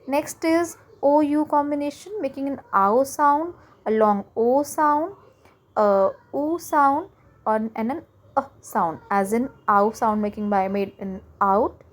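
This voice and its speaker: A woman with an Indian English accent teaching a phonics lesson, explaining letter sounds step by step and repeating example words slowly, with frequent hesitant fillers. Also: high-pitched.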